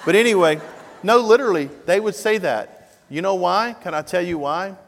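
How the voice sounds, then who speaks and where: Animated middle-aged male pastor in a reverberant hall. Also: high voice, moderate pace, vocal fry. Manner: animated storyteller acting out dialogue, then earnest exhortation. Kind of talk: sermon with personal storytelling. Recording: long reverb of a large hall.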